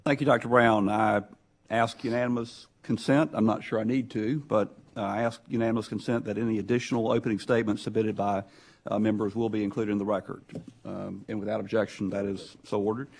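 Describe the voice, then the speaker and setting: A man chairing a congressional hearing, introducing witnesses in a loose, halting way. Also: fairly low pitch, flat delivery, vocal fry. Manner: halting, loose, with many hesitations. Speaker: subcommittee chairman.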